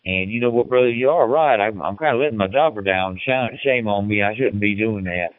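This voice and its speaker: A man's voice: lowish voice, fairly quick, no echo. Rambling man over a dry radio link. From Illinois. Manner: rambling, repeats words, folksy. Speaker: amateur radio operator. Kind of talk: casual radio chat. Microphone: radio transceiver mic. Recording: narrow, dry radio transmission.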